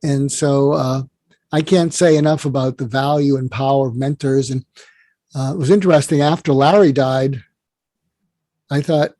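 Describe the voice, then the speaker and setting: A man's voice: medium pitch, steady tone, moderate pace, dark tone, dry recording. A man who is a psychiatrist, talking as an interview guest and telling rambling stories with many restarts. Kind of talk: conversational interview storytelling.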